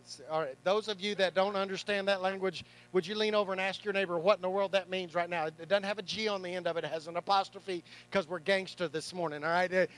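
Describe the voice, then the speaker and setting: A man's voice: sits high, a bit bright, low-quality recording. A male pastor preaching to a congregation in church, pressing hard with repeated rhetorical questions and slipping in playful asides. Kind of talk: sermon. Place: church service before a congregation.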